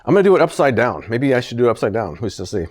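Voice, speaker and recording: A man's voice: mid-range voice, sing-song, very fast. A man hosting a casual product-testing vlog, talking animatedly and often sounding exasperated, chuckling when a gadget fails. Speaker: product reviewer, channel host.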